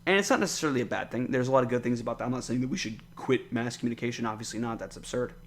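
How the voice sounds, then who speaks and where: A man's voice: mid-range voice, racing, slight background noise. Young American man, podcast host, rambling solo rant, swears a lot, exasperated, lots of ums. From United States. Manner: rambling, profane, exasperated, many fillers.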